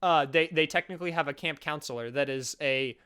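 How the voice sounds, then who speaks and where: Young guy doing a storytime vlog, bright voice, sarcastic and jokey, keeps restarting his sentences. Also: on the high side, a little fast, smooth. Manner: animated, sarcastic, jokey with frequent self-interruptions. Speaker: vlogger.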